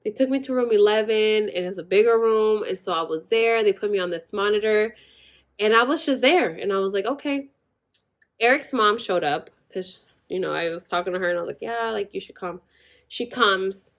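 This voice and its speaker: A woman's voice: medium pitch, brisk. A young adult woman telling a long personal story in casual chat, rambling, full of "like" and exasperated asides.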